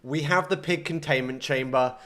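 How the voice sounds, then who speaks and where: A young man commentating his own gameplay live, excitable and self-mocking, talking to chat. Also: on the high side, normal speed. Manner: excitable, self-mocking, swings between frustration and laughter. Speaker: gaming streamer.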